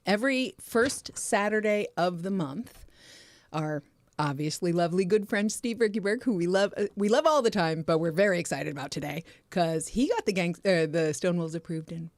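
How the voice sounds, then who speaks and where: A young woman with a lowish voice co-hosts a relaxed live stream. She chats with viewers and reads out their messages. She is close and dry on the mic, with no room sound. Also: moderate pace, no room sound. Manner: chatty, warm asides to the audience, reads from chat. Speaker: podcast co-host. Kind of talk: casual live-stream chat.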